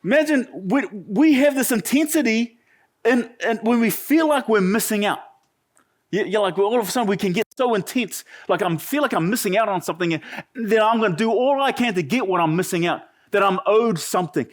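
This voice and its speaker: A pastor with a New Zealand accent preaches a sermon in a brisk, high-sitting voice. He tells a humorous story, tossing chatty asides to the congregation.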